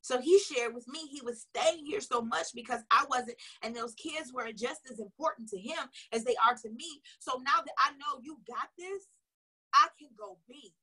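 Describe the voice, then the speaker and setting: Woman coach giving a pep talk, high voice kinda husky, punches and repeats her points. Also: moderate pace, hardly any pauses, bright, forceful tone, rough recording. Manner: emphatic, repeats key phrases; casual and chatty. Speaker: sales coach.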